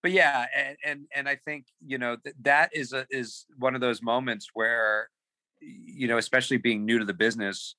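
A man telling a story as a podcast guest, animated, repeating words as he acts out quotes on a close mic. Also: medium pitch, moderate pace, no echo, poor audio. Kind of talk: casual storytelling.

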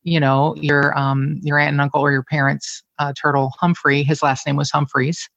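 A woman's voice: deep voice, normal speed, creaky, no room sound, lo-fi sound. A middle-aged woman from the Cincinnati area, talking candidly and animatedly as a guest in a casual conversation. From Cincinnati area, Ohio. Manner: candid, animated storyteller who curses freely.

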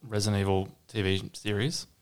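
Quick-talking man with a clear voice. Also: fairly low pitch, flat delivery. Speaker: podcast panelist. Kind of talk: casual podcast chat. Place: around a table with two others.

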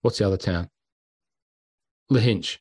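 A man's voice: on the low side, measured pace, husky, no room sound. A man with an Australian accent, a podcast host telling travel stories in casual chat, acting out quotes and sounds. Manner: animated, acts out quotes and sounds. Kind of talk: casual storytelling.

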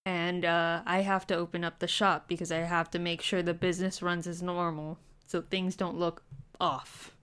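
A woman's voice: fairly low pitch, little pitch movement, normal speed, a bit bright, clear, resonant tone. A woman co-hosting a podcast, animatedly telling a dream in casual chat, swearing and laughing often. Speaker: podcast co-host.

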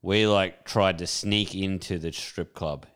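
Deep, smooth-voiced Australian man. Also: fairly even intonation, fairly bright tone. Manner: sweary, matey, quick banter. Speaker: podcast co-host. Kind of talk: casual storytelling chat.

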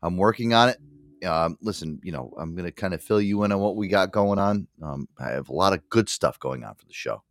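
A man's voice: deep voice, expressive, brisk, no room sound, studio quality. A man hosting a podcast in casual chat, rambling, swearing freely and laughing often. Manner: crude, rambling, laughs a lot. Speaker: podcast host.

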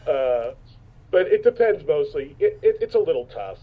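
A husky man in his fifties chatting as an interview guest. He tells stories, restarts his sentences and acts out what other people said. The audio sounds dull and lo-fi. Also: high-pitched, big pitch swings, a little fast. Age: 50s. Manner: storytelling, acts out quotes, frequent restarts. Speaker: actor guest. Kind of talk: casual interview chat.

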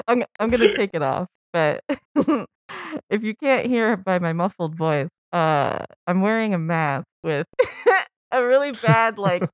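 A woman's voice: mid-range voice, sing-song, slow, no room sound. Giggly woman podcast co-host. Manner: giggly, laughs through her sentences. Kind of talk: casual chat.

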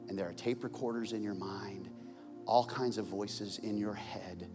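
A man preaching a sermon as pastor, moving from loud calls to the crowd to hushed, intense passages, in a large church auditorium. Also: fairly low pitch, fairly even intonation, moderate pace, long reverb tail, music in the background.

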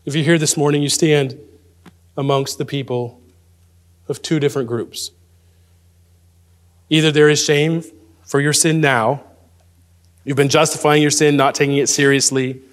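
Earnest higher-pitched male preacher. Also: fairly even intonation. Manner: earnest preaching that sinks to a soft, slow prayer. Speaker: pastor. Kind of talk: sermon.

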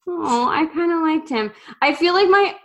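Woman, podcast co-host, casual banter, playful, very expressive pitch. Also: slow pace. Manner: animated, laughing, playful asides. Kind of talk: casual chat.

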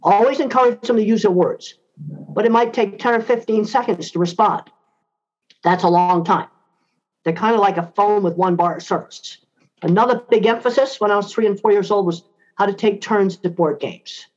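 A woman's voice: medium pitch, normal speed, a little mellow. Blunt, emphatic older woman. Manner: blunt, emphatic, repeats key points. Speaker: interview guest. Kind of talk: interview answers. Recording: slightly dull lo-fi sound.

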